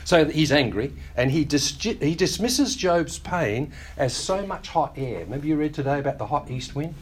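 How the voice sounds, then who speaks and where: A male pastor preaching a sermon, teaching in a conversational way with wry asides and quick acted-out quotes of other people. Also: fairly high pitch, very animated, a little hiss or hum.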